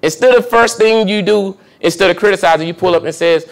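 A man's voice: high voice, fast, gravelly, hardly any pauses. A young adult man, a pastor, giving a conversational sermon and checking in with the congregation with questions. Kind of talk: sermon teaching.

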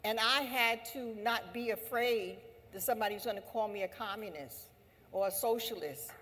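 A woman labor leader giving an impassioned assembly speech, emphatic and repetitive, rising to forceful exhortation. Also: fairly high pitch, moderate pace. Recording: long hall reverb.

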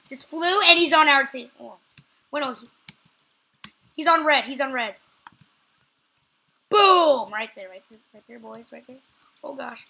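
A woman hosts her gaming channel with live commentary, her voice high and bright. She talks excitably, repeating the same short phrases several times and yelling out whenever she catches something.

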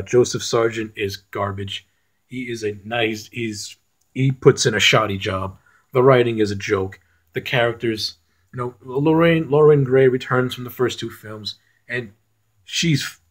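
A man reviewing films in a casual rant, blunt and profane, often restarting his sentences. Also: mid-range voice. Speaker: film reviewer.

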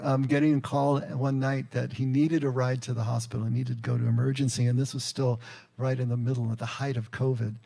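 A man's voice: mid-range voice, vocal fry, a little mellow. A middle-aged male pastor telling a story in a sermon, talking like he's chatting with the congregation. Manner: conversational storytelling, with asides to the congregation.

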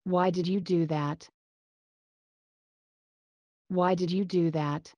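Woman reading phrases real slow, lowish mellow voice, dull dry lo-fi sound. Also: steady tone, dry recording. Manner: careful, evenly paced reading aloud. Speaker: English phrase reader.

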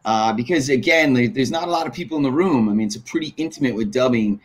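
A man's voice: mid-range voice, fast. A man recalling his dubbing work as a guest, thoughtful and full of fillers. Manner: reflective, many fillers. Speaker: voice actor guest. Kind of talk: casual chat.

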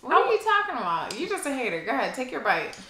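A young woman chatting casually on a vlog with lively, sassy comebacks. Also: high-pitched, quick pace. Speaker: vlogger. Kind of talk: casual chat. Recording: echoey room with music behind.

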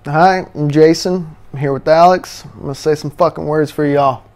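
A man's voice: on the high side, fairly even intonation, normal speed, darkish tone. A man with an American accent, brashly reading words aloud and swearing casually. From USA.

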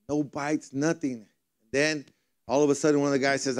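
A pastor delivers a sermon at a church service, his fairly high male voice flat and moderately paced. He preaches conversationally and tells funny stories along the way.

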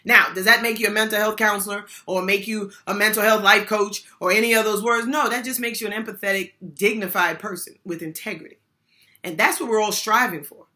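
A woman's voice: medium pitch, steady tone, brisk, pushed and bright. An older woman giving a motivational workshop talk on supporting people, speaking emphatically in a folksy way and repeating key phrases.

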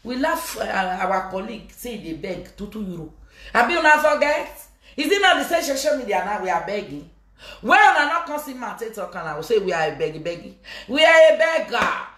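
A woman's voice: medium pitch, sing-song, fairly quick, a bit bright. Playful Nigerian woman in an echoey room. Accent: Nigerian Pidgin English. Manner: playful and teasing, bursting into laughter and chanting. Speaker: social media personality. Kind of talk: live-stream monologue.

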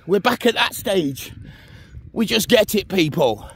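Man, out of breath on a walking vlog, gravelly, husky voice, chatty to camera, recorded outdoors on a phone. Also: high voice, very animated, a little slow, a bit bright. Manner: chatty, keeps asking the viewer "you know what I mean". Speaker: vlogger. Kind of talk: casual walk-and-talk vlog. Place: outdoors on a village road.

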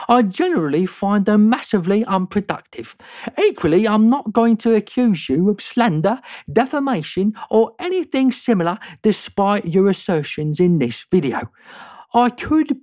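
A man reading out an email in a put-on accent, voicing a haughty male company executive who is measured and condescending. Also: high-pitched, mellow, dry recording, studio quality, voice pushed up, exaggerated voice. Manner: put-on accent, slow pointed delivery. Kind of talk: reading an email aloud in a mock voice.

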